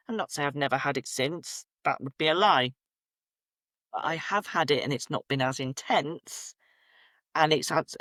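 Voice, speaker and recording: A woman, a podcast guest telling her own story candidly, lively and acting out what people said to her. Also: sits low, no room sound, clean studio sound. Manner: animated, acts out quoted voices, laughs at herself. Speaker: podcast guest, menstrual cycle coach.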